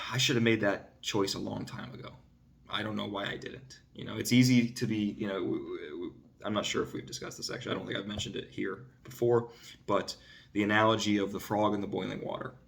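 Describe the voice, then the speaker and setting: A man hosting his own vlog, talking casually about self-improvement and often asking "right?" and saying "dude". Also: creaky. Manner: gets louder and higher when making a point. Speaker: vlog host. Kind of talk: casual self-help monologue.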